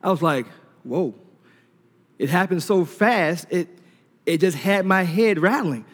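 High-pitched guy preaching, animated storytelling, acts out the back-and-forth, big hall reverb. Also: moderate pace. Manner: animated storyteller who laughs and acts out dialogue. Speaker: preacher giving a testimony. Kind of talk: sermon delivered as a personal story. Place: large hall before a congregation. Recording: long reverb from a large hall.

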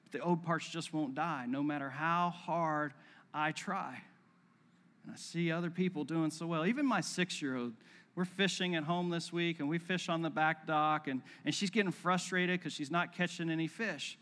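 A pastor preaching a sermon in a relaxed, joking way, acting out everyday scenes for his listeners. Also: a little high, normal speed. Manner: conversational and joking, acts out little scenes. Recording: long reverb of a hall.

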